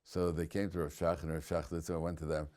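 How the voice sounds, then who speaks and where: A man's voice: rumbling low, level tone, brisk, mellow. A man giving an informal Torah class, a chatty storyteller who chuckles at his own punchlines. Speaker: rabbi teaching a Torah class. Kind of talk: informal Torah lecture with stories.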